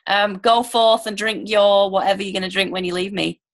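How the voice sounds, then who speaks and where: A woman in her thirties with a northern English accent, hosting a casual remote podcast interview, chatty and quick with asides. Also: mid-range voice, steady tone. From northern England. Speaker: podcast host.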